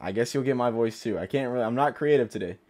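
A man's voice: medium pitch, quick pace, a little mellow. A man casually commenting on a video game while joking around and improvising voices. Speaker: gaming YouTuber.

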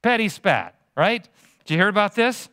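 A middle-aged pastor delivers a sermon with a lively, swooping voice that sits a little high for a man. He keeps teasing his listeners with questions. The sound is close and dry. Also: moderate pace, smooth, no room sound. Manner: animated, teasing questions to the congregation.

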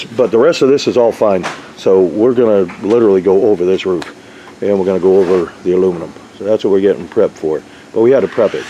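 Brief: working roofer, mellow, folksy, chatty, faint hiss behind. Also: male voice, fairly low pitch, rough recording. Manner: folksy, rambling, lots of fillers. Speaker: RV roof installer. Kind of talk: casual job-site walkthrough.

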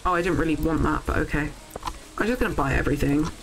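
A young woman streaming a farming game, chatting casually to viewers, excitable and swearing freely. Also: deep voice, quick pace, creaky, faint music behind, poor audio. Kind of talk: casual live game commentary.

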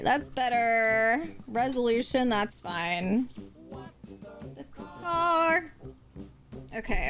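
A young woman streams a game live in a high, playful voice. She speaks at an unhurried pace and lets out squealing exclamations. Game music plays clearly behind her. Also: fairly bright tone. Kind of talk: live let's play commentary.

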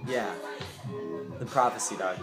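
A man's voice: lowish voice, unhurried, music in the background. A young man from Boise telling a long, rambling story, loose and profane with plenty of slang. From Boise, Idaho. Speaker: vlogger telling a personal story.

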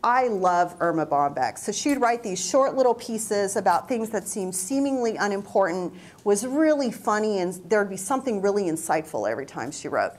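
A woman's voice: big pitch swings, normal speed, few pauses. A middle-aged woman giving a reflective personal talk, telling stories and acting out remembered conversations. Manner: reflective, acts out quoted dialogue with raised pitch. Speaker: university staff speaker.

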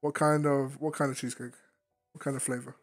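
A man's voice: mid-range voice, little pitch movement, a little fast, no room sound, soft background music. A man hosting a casual VR game chat, playful and teasing as he fires off questions. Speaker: host.

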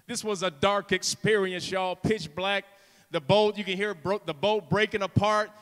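A man's voice: high-pitched, bright, forceful tone. A man preaching a sermon to a congregation, impassioned and theatrical, acting out the story and urging the listeners on with repeated calls. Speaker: guest preacher. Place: church sanctuary. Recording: long reverb of a church hall.

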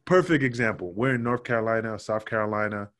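Guest spot: a man with a lowish voice, swearing freely and rambling through stories. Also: fast talker, fairly bright tone. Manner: loose, profane storytelling with many fillers. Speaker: guest, former pro wrestler. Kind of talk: casual podcast interview.

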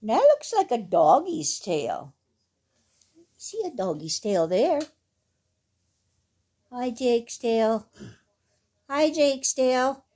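A woman's voice: a little high, big pitch swings, drawn-out words, pauses often, mellow. A woman reading a bedtime picture book aloud at home, stopping for chatty asides to her dog. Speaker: reader of a children's picture book.

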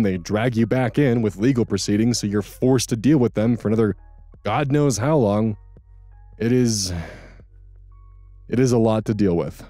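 Male host reading Reddit posts aloud, earnest and reflective, mellow tone, dry close sound, soft music under him. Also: fairly low pitch, dry recording. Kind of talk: narrating and commenting on Reddit stories.

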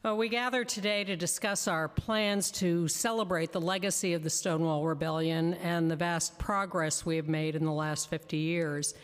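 A woman's voice: on the low side, fairly even intonation. Emphatic woman testifying in a reverberant hall. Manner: emphatic, deliberate, slows on lists. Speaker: advocate testifying at a hearing. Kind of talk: prepared public testimony. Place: council chamber.

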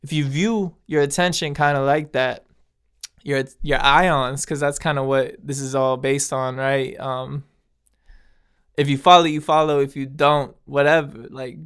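A man's voice: mid-range voice, a bit bright, clean tone. A man hosting his own podcast, talking earnestly and casually to his listeners with frequent laughs and slangy asides. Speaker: podcast host. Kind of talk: casual spiritual monologue.

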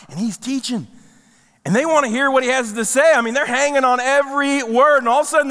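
A man preaching a sermon as a pastor, animated, and acting out the voices of people in the story. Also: sits high. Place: church sanctuary. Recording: church hall reverb.

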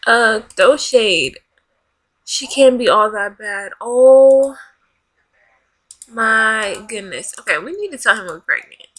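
Woman gamer host, high and bright, unhurried let's-play commentary, dramatic and bossy toward the characters. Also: lively intonation. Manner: dramatic, bossing and scolding the game characters. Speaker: gaming channel host. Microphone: desk USB microphone.

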